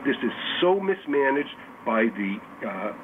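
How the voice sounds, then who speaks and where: A man's voice: mid-range voice, big pitch swings, measured pace. A man calling in to a radio talk show, indignant and emphatic. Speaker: caller. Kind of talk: call-in radio. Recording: phone line with faint hiss.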